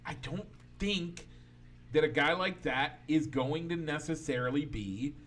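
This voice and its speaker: On a laid-back podcast about sports and pop culture, a male co-host holds forth on his views in a meandering way, frequently starting over. His voice sits on the high side with a touch of brightness, and he keeps a measured pace.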